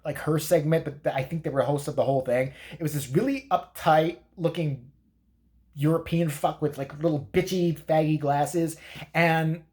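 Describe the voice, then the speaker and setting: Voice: mid-range voice, fairly even intonation, moderate pace, a little mellow, close to an everyday voice. Someone playing a foul-mouthed rambling granny. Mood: ranting. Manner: crude, rambling, profane. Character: crude, opinionated old grandmother. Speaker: comedy vlog character. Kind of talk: comedic rant.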